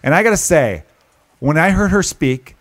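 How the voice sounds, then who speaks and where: A man's voice: a little high, animated, normal speed, dry recording. A man from Chicago chatting casually as a podcast guest, rambling and crude, often laughing. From Chicago, United States.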